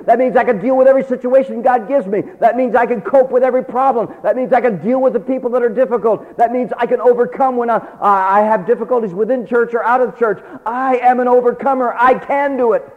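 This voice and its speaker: A male preacher exhorting a church, moving between quiet asides and loud, emphatic passages. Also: very high voice, fast, hardly any pauses. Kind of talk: sermon. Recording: tinny phone-like sound with long reverb.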